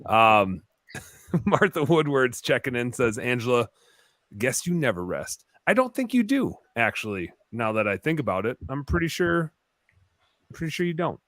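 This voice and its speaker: A man's voice: medium pitch, very animated, moderate pace, fairly bright tone, no echo. A man co-hosting a casual live stream, playful and joking as he reads viewer comments. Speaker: co-host reading viewer comments.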